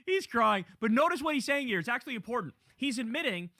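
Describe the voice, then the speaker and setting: High bright mocking male commentator. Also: animated, quick pace, hardly any pauses, no echo, studio quality. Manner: mocking, laughs often, swears freely. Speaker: show host reacting to clips. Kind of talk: profane reaction commentary.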